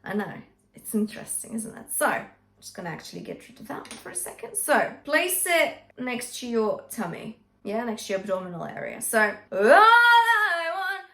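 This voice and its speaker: A woman vocal coach with a higher-than-usual voice leads a singing lesson in an echoey room. She talks through technique in an encouraging, chatty way, keeps checking in with her students, and breaks into short sung examples. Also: a bit bright.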